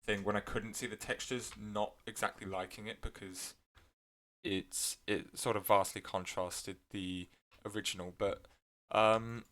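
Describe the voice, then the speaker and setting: A man with a fairly low voice talks through his gameplay in a loose, rambling way, full of fillers and mid-sentence corrections. His voice cracks here and there as he goes. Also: flat delivery, a little slow, fairly bright tone. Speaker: gameplay video creator. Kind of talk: casual gameplay commentary.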